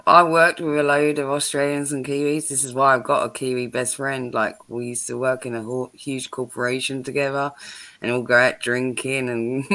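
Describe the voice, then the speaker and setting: A woman's voice: extremely low pitch, fairly bright tone. A woman with a London accent, chatting casually and animatedly on a livestream, swearing and laughing often. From London, England. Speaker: livestream host. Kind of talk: casual chat. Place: home, livestream.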